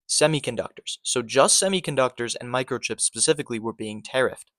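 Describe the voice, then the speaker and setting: A man's voice: medium pitch, fairly bright tone, no room sound, studio quality. A man giving sarcastic, exasperated reaction commentary on a political clip, swearing often.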